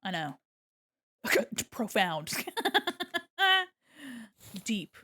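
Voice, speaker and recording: A woman's voice: fairly low pitch, extremely slow, fairly bright tone. A woman streamer chatting casually to her viewers while she draws, talking herself through each step with silly jokes and bursts of laughter. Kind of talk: casual chat while drawing on a livestream.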